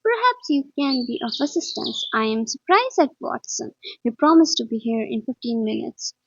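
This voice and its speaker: A woman reading the part of a brisk, impatient male detective who lectures in an emphatic storybook voice. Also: a little high, lively intonation, gravelly, muffled recording, noisy background.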